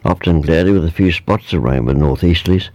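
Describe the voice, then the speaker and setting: A man with a New Zealand accent reading the local weather report on radio, relaxed and informal, with fillers. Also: low-pitched, a little fast, no echo.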